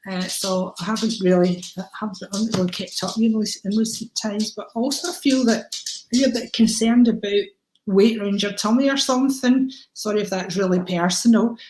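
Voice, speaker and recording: A woman's voice: medium pitch, darkish tone, a little hiss or hum. A woman doing a live-stream card reading, chatty and affectionate, calling viewers by name. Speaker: psychic card reader. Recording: echoey room.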